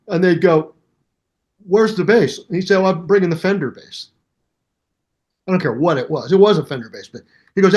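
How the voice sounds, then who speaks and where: Older man, seventies, storytelling interview guest, acts out voices, slightly high voice. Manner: acts out both sides of the story in voices, lively. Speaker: guest musician.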